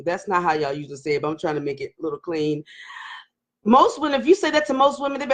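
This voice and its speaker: A woman in her forties hosts a frank live-stream conversation, her fairly high voice swinging between nervous laughter and heavy pauses. She talks openly and emotionally, straight to her listeners. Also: a bit bright. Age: 40s. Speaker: host. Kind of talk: candid live-stream talk.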